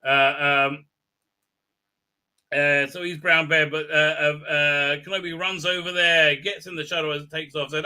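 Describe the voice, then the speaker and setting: A man's voice: fairly high pitch, steady tone, measured pace, bright, forceful tone, smooth. A man hosting a live stream recap, talking crudely and rambling with many fillers and restarts. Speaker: live show host.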